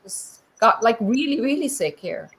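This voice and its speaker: A woman's voice: a little high, expressive, normal speed, fairly bright tone, slight background noise, poor audio. A woman from Ireland with an Irish accent, chatting casually as an interview guest, laughing and acting out quotes as she goes. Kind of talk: casual conversation.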